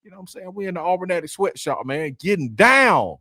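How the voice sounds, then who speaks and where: Animated man hosting a livestream. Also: high-pitched, fast talker, no room sound, clean studio sound. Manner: lively, laughing, Southern slang like y'all and man. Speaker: live stream host reading comments. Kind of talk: casual sports talk livestream.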